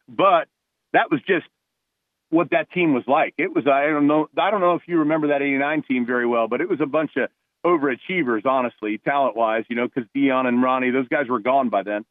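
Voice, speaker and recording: A man's voice: medium pitch, a little fast, dry recording. A man from New Jersey calling into a radio show as a guest, telling heartfelt, rambling stories with many restarts. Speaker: guest, retired police officer and former college ballplayer. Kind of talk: phone-in radio interview. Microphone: phone. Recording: tinny phone line, dry.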